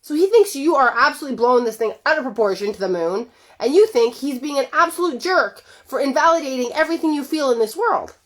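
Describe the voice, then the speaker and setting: A woman relationship coach giving a conversational talk to her viewers, acting out quoted lines with lively shifts in voice. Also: high voice, quick pace. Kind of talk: direct-to-camera coaching talk.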